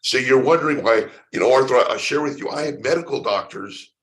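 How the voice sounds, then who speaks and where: A man's voice: mid-range voice, a little fast, a bit bright. Interview guest: a man from San Francisco, earnest storyteller, mid-range voice, repeats words as he goes. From San Francisco, United States. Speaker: spiritual coach being interviewed. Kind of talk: conversational interview.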